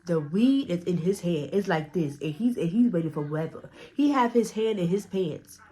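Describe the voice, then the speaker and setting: A woman's voice: lowish voice, expressive, moderate pace, warm tone. A woman vlogger telling a storytime in a blunt, profane way, acting out the dialogue as she goes. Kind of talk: casual storytime narration.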